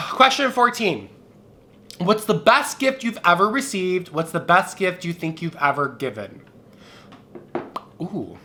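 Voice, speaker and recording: A young man with a bright, forward voice holds forth on camera during a drinking game. His talk is sassy, campy and irreverent. He sits in frame at home, with a faint hiss behind him. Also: high-pitched. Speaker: vlogger.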